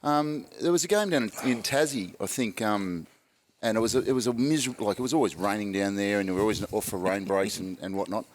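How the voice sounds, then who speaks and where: Low-voiced Australian man rattling off an anecdote. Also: a little fast, slight background noise. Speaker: podcast guest, former cricketer. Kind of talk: casual chat, storytelling.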